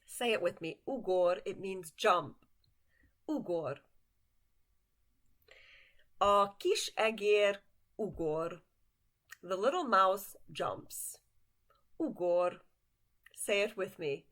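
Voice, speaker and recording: Woman teaching vocab, super slow and patient, says each word over and over. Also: mid-range voice, lively intonation, fairly bright tone. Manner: patient, repeats words for the listener to echo. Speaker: language teacher.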